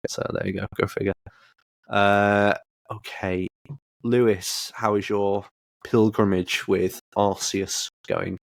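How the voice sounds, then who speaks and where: A man's voice: fairly low pitch, slow, gravelly, dry recording, clean studio sound. A man hosting a casual gaming podcast, talking bluntly with plenty of swearing. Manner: blunt, swears a lot, animated rants. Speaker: podcast host.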